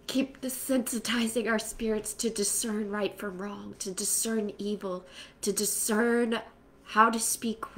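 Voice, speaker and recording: A woman's voice: on the high side, measured pace. Fervent woman leading prayer. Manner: swings from loud fervent calls to soft whispered prayer. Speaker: prayer group leader. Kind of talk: spoken prayer and encouragement.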